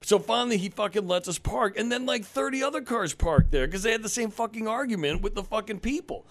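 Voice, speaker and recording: A man in his thirties tells a story on a podcast, his voice pitched a little high for a man. He swears freely and acts out each exchange with heat. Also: a little fast, slight background noise. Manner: profane, animated, acts out quotes. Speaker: podcast host. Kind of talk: casual storytelling.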